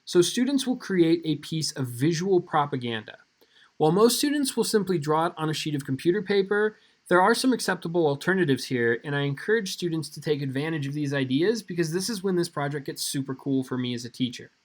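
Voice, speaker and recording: A male teacher in his thirties walks students through an assignment in a recorded video lesson. His voice sits a little high for a man, and he keeps the delivery casual and upbeat, speaking straight to the class. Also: expressive, fairly quick.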